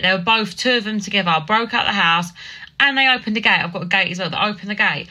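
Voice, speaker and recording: A woman's voice: mid-range voice, quick pace, sharp tone, poor audio. A young woman with an Essex accent, hosting a casual solo podcast and telling stories in a chatty, dramatic way full of fillers. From Essex, England. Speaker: podcast host.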